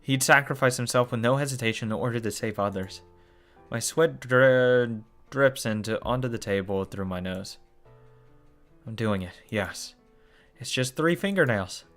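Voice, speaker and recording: A man's voice: medium pitch, moderate pace, a bit bright, soft background music. A man reading a visual novel aloud as a let's play host, breaking off into shocked cursing and groans. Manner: shocked cursing and groaning between read lines.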